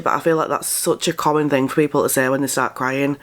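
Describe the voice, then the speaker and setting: A woman's voice: low-pitched, a little fast, few pauses. A woman commentator reacts to a clip with blunt, critical remarks.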